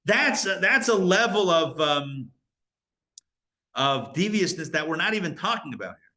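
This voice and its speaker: A male rabbi teaching a live Kabbalah class, animated, asking rhetorical questions and breaking off his own sentences. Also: on the high side, moderate pace.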